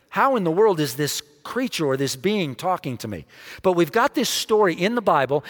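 A man preaching a sermon, dramatic, dropping almost to a hush to stress a point. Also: fairly high pitch. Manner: dramatic, drops to a near hush for emphasis. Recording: long hall reverb.

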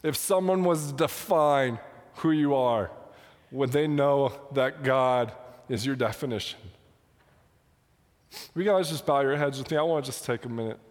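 A man's voice: mid-range voice, unhurried, long pauses. Young male pastor, passionate sermon and prayer, on the verge of tears, recorded in a reverberant sanctuary. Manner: passionate, emotional, near tears. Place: church sanctuary. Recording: long hall reverb.

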